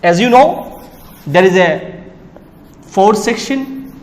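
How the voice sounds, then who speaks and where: A man's voice: high-pitched, lively intonation, takes it slowly. A man from Bangladesh with a Bangladeshi English accent, teaching an exam prep class in an emphatic style that repeats key words. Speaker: IELTS teacher. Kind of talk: classroom lecture. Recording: long hall reverb.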